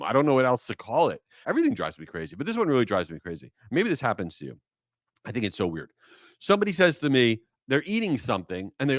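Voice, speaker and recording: Male solo podcaster, big swings in pitch, worked-up rants, close dry mic. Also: dry recording. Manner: animated, exasperated storytelling. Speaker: podcast host.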